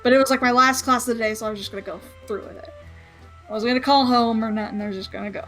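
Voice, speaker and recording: A young woman tells a story in a casual, rambling way, swearing freely and breaking into laughter. Her voice sits a little high. Faint music plays behind her. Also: fairly even intonation, rapid-fire, a bit bright.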